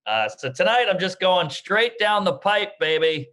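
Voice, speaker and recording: A man's voice: sits high, lively intonation, a little slow, bright, forceful tone. A man co-hosting a casual drinking podcast, wry and laid-back, tossing in jokes. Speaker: podcast co-host.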